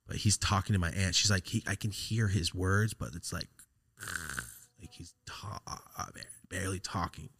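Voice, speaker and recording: A man hosting a podcast, telling a personal story in a raw, profane, halting way, his voice sometimes sinking almost to a whisper. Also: sits low, steady tone, fairly bright tone, husky, no echo. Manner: raw, profane, halting, drops to a near-whisper when upset. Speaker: podcast host. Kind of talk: casual storytelling.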